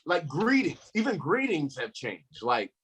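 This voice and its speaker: A man's voice: fairly high pitch, measured pace, breathy edge. A young man doing a stand-up comedy set, telling stories and acting out the people in them. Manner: animated storytelling, acts out quoted voices.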